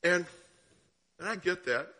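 A man preaching a sermon as guest speaker, telling a story and asking the listeners questions, sometimes dropping to a hushed tone and sometimes rising. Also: high voice, animated, takes it slowly. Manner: drops to hushed tones for story, rises for questions.

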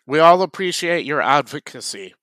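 A man co-hosting a casual podcast, trading dry deadpan jokes. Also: on the high side, moderate pace, no room sound. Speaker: podcast co-host.

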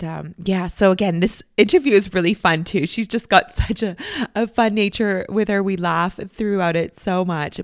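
Chatty, laughing woman podcast host, lowish voice, close and dry. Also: no echo. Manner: bubbly, laughs often, many fillers. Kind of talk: casual podcast interview.

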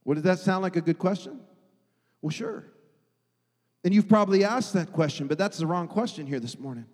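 Male pastor, higher voice, emphatic sermon delivery, reverberant hall. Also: fairly quick. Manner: emphatic, swings from loud to hushed.

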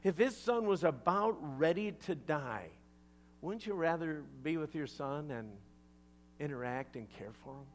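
A male pastor preaching a sermon, retelling a scripture story with animated asides to the congregation. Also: on the high side, measured pace, a little hiss or hum.

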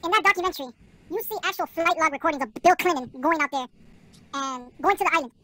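A woman's voice: very high voice, quick pace, no room sound. A woman co-hosting a podcast, arguing her point in casual chat. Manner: argumentative, reasoning out loud. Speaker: podcast co-host.

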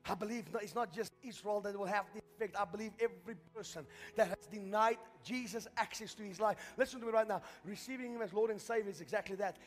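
A man preaching a sermon to a congregation, leading them in call-and-response and building to shouted fervor. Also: high voice. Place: church hall. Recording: long church hall reverb with faint music.

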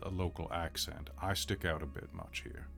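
Deep-voiced man role-playing at the table. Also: fairly even intonation, normal speed, gravelly, fairly bright tone, faint music behind. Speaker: player. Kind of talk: in-character tabletop role-play.

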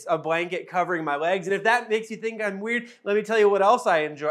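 A man's voice: sits high, a bit bright. A man as pastor preaching a sermon, telling a funny family story in a conversational way and repeating phrases for emphasis.

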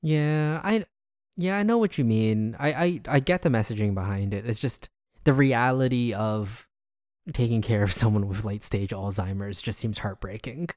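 Low-voiced man recapping an episode casually. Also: normal speed, a little mellow, dry recording, studio quality. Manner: rambling, filler-heavy retelling. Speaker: podcast co-host.

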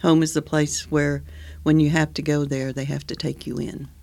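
A wry, bookish man with an Oklahoma accent, speaking in a fairly high voice with a gravelly rasp. He has a teasing edge as he chats casually as a radio co-host. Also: level tone, normal speed, mellow. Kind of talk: casual chat.

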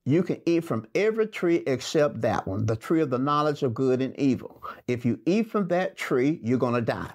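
A man's voice: medium pitch, lively intonation, moderate pace, a little mellow. A man teaching a sermon-style Bible lesson. He reads scripture aloud, explains it in plain words, and repeats key phrases for emphasis.

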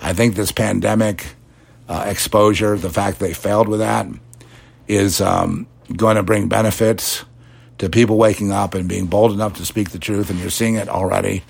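A man's voice: fairly low pitch, steady tone, moderate pace, creaky, husky. A middle-aged man hosting a religious commentary show, preachy, mocking imagined critics in put-on quoted voices. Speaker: podcast host.

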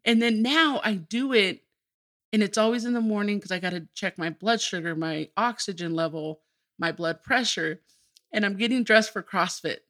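A woman's voice: medium pitch, moderate pace, a bit bright. A middle-aged woman, a podcast guest, telling her personal story candidly and openly, with bursts of laughter. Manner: open and emotional, breaks into laughter.

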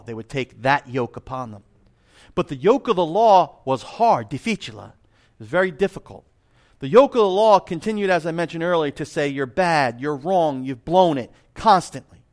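A middle-aged man preaching a sermon in a conversational, self-deprecating way, with personal asides. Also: fairly high pitch. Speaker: pastor.

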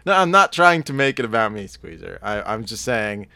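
A man's voice: on the low side, sing-song, moderate pace, creaky, sharp tone, no room sound. A man co-hosting a podcast, telling rambling stories in casual chat, laughing often and mimicking people. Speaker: podcast co-host.

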